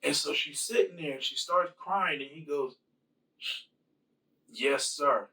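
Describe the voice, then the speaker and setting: A man's voice: on the high side, moderate pace, pushed and bright, far from the mic, low-quality recording. A man casually retelling his own rewrite of a movie in a rambling, slangy way with lots of fillers. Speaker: channel host.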